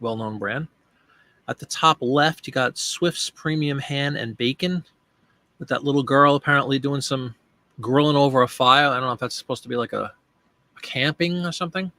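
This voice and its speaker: A man's voice: medium pitch, moderate pace, pushed and bright, no room sound. Chatty man hosting a live stream. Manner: chatty, thinks aloud while working, addresses viewers by name. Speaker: live-stream host and online seller. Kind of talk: casual live-stream chat.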